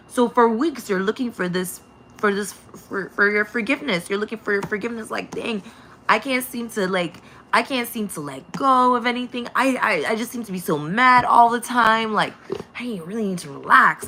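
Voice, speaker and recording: A woman's voice: mid-range voice, pushed and bright, a little hiss or hum. A woman giving a casual spiritual message to her viewers, rambling and repeating herself, laughing often and swearing freely. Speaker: spiritual channel reader.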